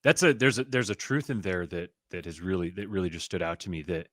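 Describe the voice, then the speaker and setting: A man's voice: deep voice, fast, a bit bright, no room sound, clean studio sound. A man hosting a podcast, talking in an earnest, reflective way. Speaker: podcast host. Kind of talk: casual theological discussion.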